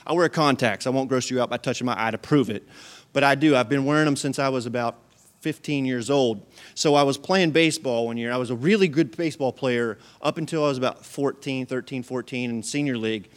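A male pastor preaching a sermon to his congregation in an animated storytelling manner, with humor and acted-out voices. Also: mid-range voice, fairly quick. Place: church service with a live congregation.

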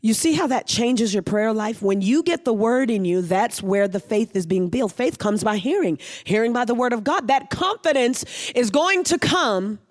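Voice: medium pitch, lively intonation, moderate pace, few pauses. Pastor delivering a sermon, emphatic and repetitive, reads scripture then explains it. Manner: emphatic preaching with repeated phrases.

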